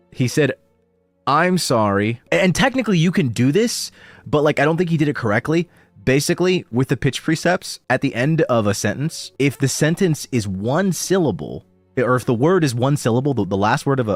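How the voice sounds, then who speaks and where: A man talking casually as he critiques a voice performance. He is candid and blunt, swears offhandedly, and his mid-pitched voice comes across dry and close. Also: dry recording. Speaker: streamer reviewing voice acting.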